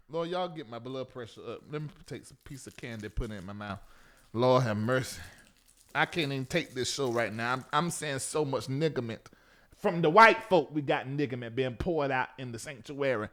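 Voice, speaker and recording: A man hosting a live talk show, preaching and scolding theatrically with sudden shouts. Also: mid-range voice, moderate pace.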